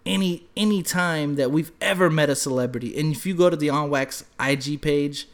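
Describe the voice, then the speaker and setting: A man's voice: a little high, fairly quick. A young man co-hosting a podcast, telling loose stories full of swearing. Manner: loose storytelling, heavy swearing, shouts when acting out quotes. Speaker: podcast co-host. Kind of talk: casual podcast chat.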